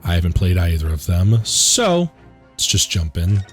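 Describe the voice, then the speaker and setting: A man hosting a casual let's play, rambling excitedly and joking between dialogue lines. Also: deep voice, a little slow, faint music behind. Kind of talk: casual gaming commentary.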